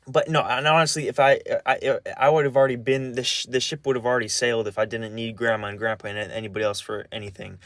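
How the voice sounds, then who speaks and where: A man's voice: medium pitch, little pitch movement, fairly bright tone, no echo. Angry young man ranting, dry close sound. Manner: angry, halting, many restarts and swearing. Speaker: vlogger. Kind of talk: emotional personal rant.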